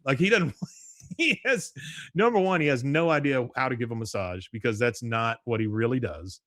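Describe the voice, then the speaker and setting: A man's voice: medium pitch, animated, normal speed, fairly bright tone, no room sound, clean studio sound. A man hosting a podcast, animatedly recapping a cartoon episode and quoting its characters with laughs. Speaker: podcast host.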